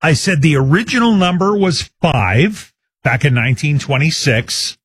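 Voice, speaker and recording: A man's voice: on the high side, lively intonation, moderate pace, a bit bright, slightly rough, no room sound, clean studio sound. A man hosting a live call-in radio quiz show, chatty and upbeat, taking listener guesses. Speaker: radio talk show host.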